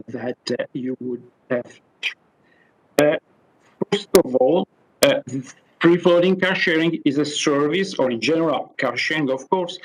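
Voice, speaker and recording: A man speaking English as a second language, giving a halting statement as a delegate on a remote video call to a council committee, with many fillers and restarts. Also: on the high side, poor audio. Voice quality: non-native English speaker.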